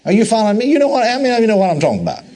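Male preacher, sermon, folksy storytelling, slightly high voice, very lively pitch. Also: racing. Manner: folksy storytelling with repeated phrases and asides.

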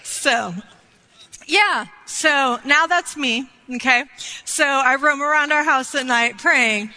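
A woman's voice: sits high, slow pace, sharp tone, in a large hall. A woman minister giving a sermon in a chatty, storytelling way with many fillers.

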